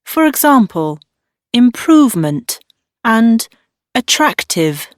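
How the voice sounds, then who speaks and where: A woman with a fairly high voice reads course-book audio at a slow pace, spelling letters out one by one. The sound is dry and close. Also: sing-song, dry recording. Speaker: textbook audio narrator. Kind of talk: scripted instructional reading.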